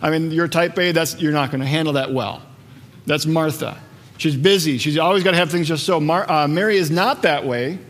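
Pastor preaching in an echoey hall. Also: male voice, fairly high pitch, brisk. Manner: lively storytelling, acts out voices. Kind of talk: sermon. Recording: long reverb of a large hall.

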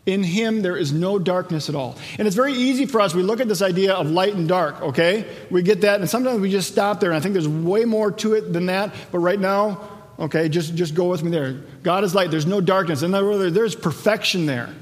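A man preaching a sermon in a conversational way, slowing down when he quotes scripture. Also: sits high, big-room sound. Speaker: pastor.

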